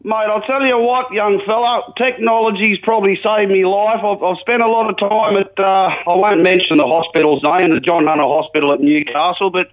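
A man's voice: sits high, steady tone, brisk, few pauses, phone-quality sound. An older Australian man calling a talkback radio show, chatty and colourful, jumping from topic to topic. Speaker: regular radio caller. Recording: radio call.

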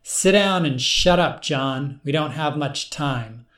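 A man reading an audiobook, voicing a calm, commanding male clone of the narrator who speaks in an assured, cryptic way. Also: medium pitch, a little slow, close to an everyday voice.

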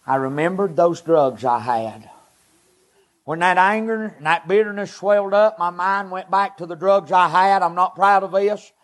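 A man delivers a personal testimony from the pulpit. His voice sits very high for a man. He speaks in earnest, halting, short phrases. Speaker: preacher giving a personal testimony. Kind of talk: emotional testimony sermon.

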